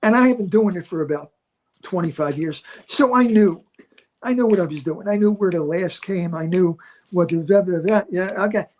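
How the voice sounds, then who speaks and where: An older man, a veteran stand-up comedian, telling animated stories and acting out the people in them. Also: sits high, normal speed. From Philadelphia area. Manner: acts out other people in his stories. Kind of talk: animated storytelling.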